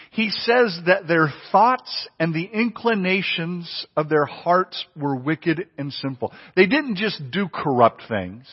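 A pastor with a high, breathy voice preaches a sermon with earnest emphasis, often repeating phrases for weight. The audio is dull, with a long hall reverb.

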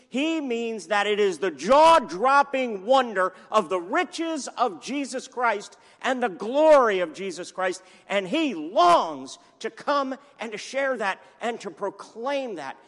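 A male pastor preaching with energy and playful humor, his voice sitting a little high. The sermon rings out through a church sanctuary with a long, echoing reverb behind every phrase. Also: a bit bright. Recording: echoey church hall.

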